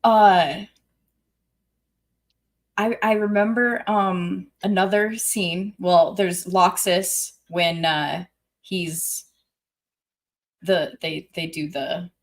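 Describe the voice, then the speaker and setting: A woman's voice: fairly low pitch, fairly even intonation, very slow, long pauses. A woman co-hosting a podcast in casual chat, talkative and sometimes trailing off while searching for words. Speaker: podcast co-host.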